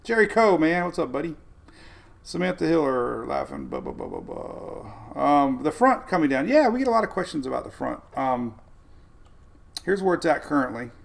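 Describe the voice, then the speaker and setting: A man hosts a live weather stream, chatting casually, reading viewer comments, and rambling with lots of laughter. His fairly high voice has a sing-song quality, a moderate pace, and vocal fry.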